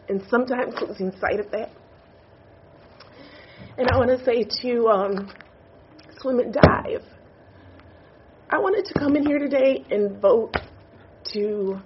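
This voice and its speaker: A woman's voice: mid-range voice, dull audio, a little hiss or hum. A woman on a university board, crying as she gives an emotional, apologetic statement at a public meeting. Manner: emotional, apologetic, tearful confession. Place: meeting room.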